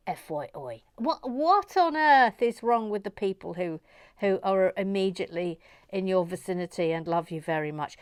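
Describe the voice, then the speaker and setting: A woman hosting a relaxed Lego building video, chatting casually and muttering softly to herself with self-mocking asides. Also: medium pitch, normal speed, dry recording, clean studio sound. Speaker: host building a Lego model. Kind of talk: casual chat while building.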